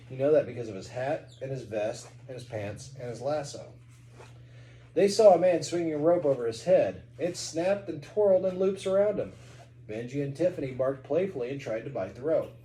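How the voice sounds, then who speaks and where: A man's voice: medium pitch, warm tone, reverberant, slight background noise, poor audio. A man from Kentucky, a parent reading a storybook aloud to a child at home, with chatty asides.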